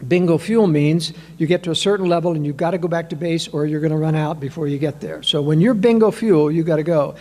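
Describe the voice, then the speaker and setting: A man giving a political analysis talk, emphatic and full of rhetorical questions, addressing listeners as ladies and gentlemen. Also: on the high side, quick pace, few pauses. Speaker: political commentator.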